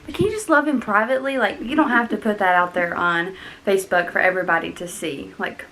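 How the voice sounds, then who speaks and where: A woman's voice: medium pitch, fast talker, a little hiss or hum. A young woman vlogging, chatting casually and acting out other people in quotes. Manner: animated, mimics people in quotes. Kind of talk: casual chat.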